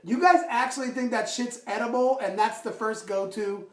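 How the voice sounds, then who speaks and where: A man's voice: extremely high pitch, moderate pace. A man co-hosting a casual live-stream podcast chat, rambling with lots of "like" and turning topics into comic rants. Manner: rambling, full of "like" and restarts, runs bits into comic rants. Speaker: podcast co-host. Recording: roomy, distant mic.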